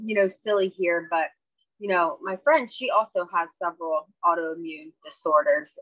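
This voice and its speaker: A woman's voice: lowish voice, sharp tone, slightly rough, dry recording, rough recording. A woman telling a story on a video call in a chatty way, acting out both sides of a conversation. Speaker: network marketing distributor sharing a story.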